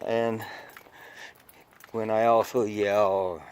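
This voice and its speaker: A man's voice: mid-range voice, slow, dry recording. A man chatting casually to his viewers while he hikes outdoors, filming on his phone and rambling from one memory to the next. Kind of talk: casual hiking vlog narration. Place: outdoors on a hillside trail overlooking a city. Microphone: phone camera held while hiking.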